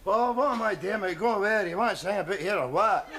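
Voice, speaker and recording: An actor playing a cheerful, cocky Scottish student in a 1970s studio sitcom, speaking broad dialect with a Scottish accent. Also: male voice, sits high, a little fast, heavy background noise, natural voice. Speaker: Scottish student in an English class.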